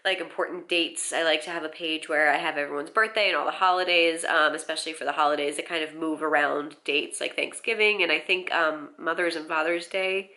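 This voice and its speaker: A woman's voice: deep voice, fairly even intonation, fairly quick, hardly any pauses, bright, forceful tone. A young woman with a stuffy, nasal voice, chatting casually to her vlog viewers with lots of fillers. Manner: chatty, lots of likes and ums. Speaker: vlogger.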